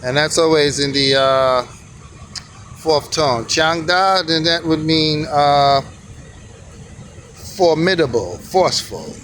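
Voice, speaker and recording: A man's voice: a little high, lively intonation, slow, pauses often, a bit bright, a little hiss or hum. A man teaching on camera in a casual, easygoing, informal way. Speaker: calligraphy teacher.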